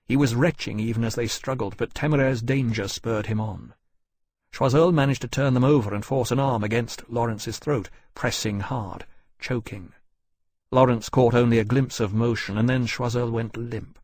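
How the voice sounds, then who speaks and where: Casting: male audiobook narrator, husky, dry close studio sound, measured delivery. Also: mid-range voice, dry recording. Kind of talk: scripted narration.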